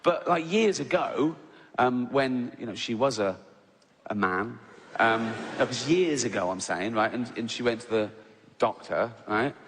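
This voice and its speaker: A man's voice: medium pitch, expressive, a little slow. A man doing stand-up comedy, rambling and self-interrupting, with lots of swearing. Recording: reverberant live venue with loud ambience.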